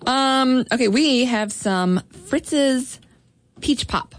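A woman's voice: sits high, lively intonation, very slow. Playful female radio co-host. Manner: playful, teasing, frequent ums. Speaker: radio morning show co-host. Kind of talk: casual radio chat. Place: radio studio.

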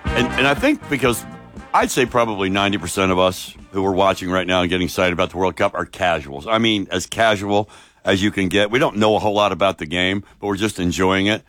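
A man's voice: low voice, fast talker, dry recording, soft background music. A man hosting a casual talk show, telling stories with enthusiasm. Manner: animated, enthusiastic storyteller. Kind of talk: casual chat.

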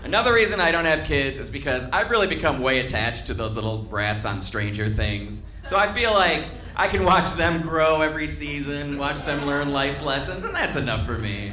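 A man's voice: a little high, moderate pace, hardly any pauses. A male stand-up comedian performing a set to a live audience, laughing through his punchlines. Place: comedy club stage with audience. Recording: echoey live club with crowd noise.

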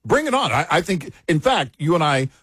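A man's voice: on the high side, big pitch swings, fairly bright tone, slightly rough, no room sound. A man co-hosting a talk radio show in casual political chat, chiming in often and restarting his sentences. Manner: frequent agreeing interjections, halting restarts.

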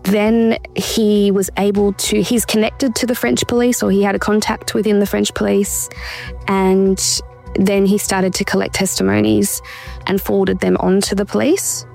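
Woman, interview guest, gravelly creaky voice, earnest and searching, restarts sentences, faint music behind. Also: mid-range voice, level tone, normal speed, a little mellow. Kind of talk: personal account in an interview.

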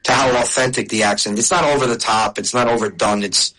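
A middle-aged man talking casually in an interview with a bright, forward voice. He tells stories in a chatty way, often restarting his sentences. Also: mid-range voice, steady tone, brisk, poor audio. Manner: storytelling, chatty with restarts and laughs. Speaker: comedian and video creator.

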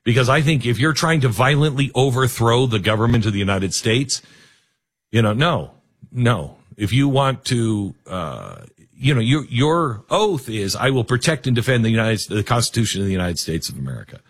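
A man hosting a call-in talk radio show, talking in a measured, deliberate way and then taking callers. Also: mid-range voice, animated, breathy edge, dry recording.

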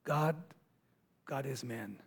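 A man preaching a sermon, retelling a Bible story dramatically, acting out the voices and dropping to hushed near-whispers. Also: mid-range voice, slow pace, creaky, breathy edge.

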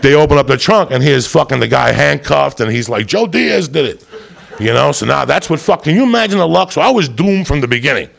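A man with a deeply gravelly, fry-laden voice at a middling pitch tells a long story, swearing freely. He is animated, and his voice jumps up into loud put-on voices whenever he quotes someone. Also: fast talker, few pauses. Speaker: comedian telling a story. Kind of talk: profane storytelling monologue.

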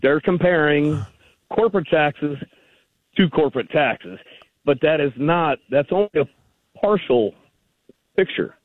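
A man's voice: a little high, expressive, unhurried, pauses often, no room sound. A man calling into a radio show, rambling and argumentative, heard over a tinny phone line. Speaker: caller. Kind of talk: call-in conversation.

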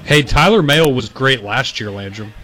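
A man's voice: mid-range voice, animated, normal speed, pushed and bright. A man joining casual radio banter with a dry, teasing manner.

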